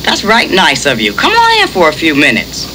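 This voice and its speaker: A woman gives voice to an easygoing, folksy neighbor man in an audiobook. The lines bounce lively in pitch over a hissy recording. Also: normal speed. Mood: friendly. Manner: folksy, relaxed.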